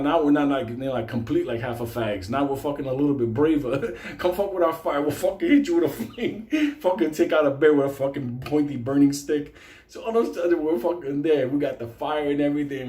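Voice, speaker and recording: A man of middle pitch spins a comic tale in casual, animated talk. He swears constantly and laughs through his own lines. The sound has a roomy echo. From Puerto Rico. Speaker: storyteller.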